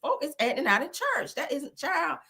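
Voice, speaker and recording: A man hosting a gossip commentary show, talking with dramatic exclamations and animated reactions. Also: extremely high pitch, moderate pace, creaky.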